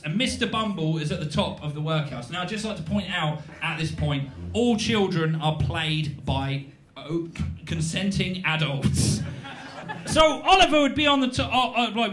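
A young man in his twenties performing live stand-up comedy in a small venue, animated and playful with dry asides. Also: high-pitched. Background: audience laughter.

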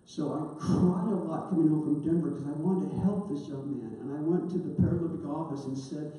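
A woman's voice: low-pitched, fairly quick, dark tone. A middle-aged woman, a sport psychologist, earnestly telling a personal story to an audience in a lecture. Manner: earnest, anecdotal, with quoted dialogue. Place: large hall. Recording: echoey hall, distant mic.

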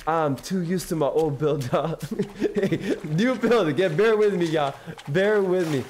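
Excitable young male gaming streamer. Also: on the high side, unhurried, a little hiss or hum. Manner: excitable, slangy, keeps addressing chat. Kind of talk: casual live-stream chat.

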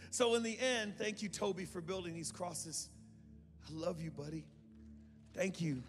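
A man pastor preaching a sermon in a church, moving from calm talk to impassioned shouting, with joking asides. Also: sits high, unhurried. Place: church sanctuary. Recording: reverberant hall with music behind.

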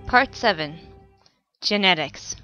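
A woman reading her own fan fiction aloud in a calm, even storytelling voice. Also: lowish voice, slow, highs cut off. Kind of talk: narrated audiobook-style reading. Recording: music playing behind the voice. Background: background music.

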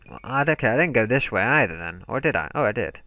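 Jumpy young gamer, bright voice. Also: male voice, medium pitch, very animated, quick pace, no room sound. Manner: jumpy, talks to himself, yelps when startled. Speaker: gaming commentator. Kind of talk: let's play commentary.

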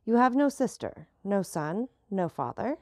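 A woman reading a sorrowful countess for an audiobook, her lines plaintive and pleading. The voice has a gravelly edge. The sound is dry and close. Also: mid-range voice, sing-song, measured pace, dry recording.

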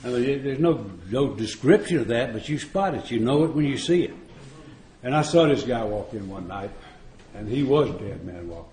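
A man's voice: medium pitch, expressive, normal speed, darkish tone. A man speaking at a recovery retreat, telling stories in a folksy, joking way and chuckling often. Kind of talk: storytelling recovery talk. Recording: echoey room.

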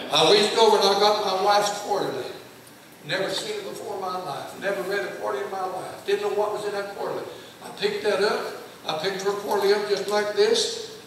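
A man's voice: high voice, fairly bright tone, slight background noise. An older man preaching a sermon, telling a long personal story in a folksy, emphatic way. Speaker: guest preacher. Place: church sanctuary. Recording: echoey church hall from far off.

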